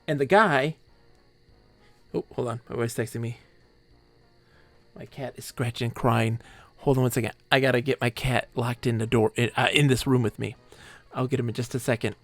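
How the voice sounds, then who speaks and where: Animated streamer man, dry close sound. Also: mid-range voice, moderate pace, pauses often, no echo. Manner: animated, rambling retelling with fillers and asides. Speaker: game streamer. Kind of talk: casual storytelling to a live stream. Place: home room.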